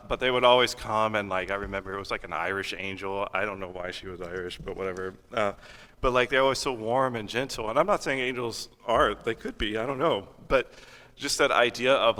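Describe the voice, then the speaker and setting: A man's voice: on the low side, bright, forceful tone. A young man preaching a sermon in a casual, conversational way, mixing scripture reading with everyday stories. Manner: casual and conversational, with fillers and laughs. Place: church hall. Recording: hall reverb.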